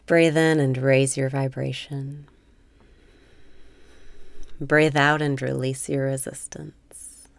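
Slow, low, gravelly woman guiding meditation. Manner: slow, breathy guidance mixing calm cues with frank, profane venting. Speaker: meditation guide. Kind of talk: guided meditation with spoken affirmations.

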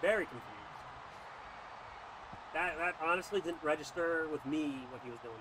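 Over some background noise, a young man with a slightly high voice talks through his own football video game at a moderate pace for his YouTube gaming channel. He swings between muttering play calls and loudly blowing up in frustration.

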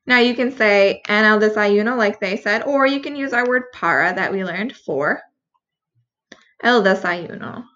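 A woman's voice: mid-range voice, unhurried, fairly bright tone, muffled recording. A woman teacher patiently walking students through a review lesson, explaining each answer step by step. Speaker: Spanish teacher.

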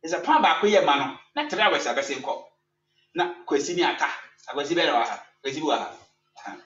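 A man with a Ghanaian accent, a church elder preaching a sermon and telling a story with lively sound effects and English phrases mixed in. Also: on the high side, brisk. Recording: echoey, distant, dull with faint hum.

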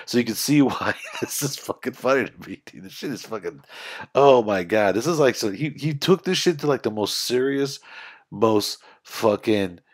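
A man's voice: mid-range voice, lively intonation, moderate pace. A middle-aged man giving casual reaction commentary, laughing often, swearing freely and talking back to the clip. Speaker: reaction streamer.

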